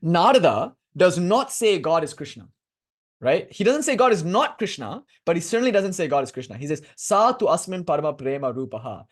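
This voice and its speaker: A man in his twenties giving a casual, joking lecture on devotional philosophy to a class, lively and prone to laughing digressions. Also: on the high side. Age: 20s.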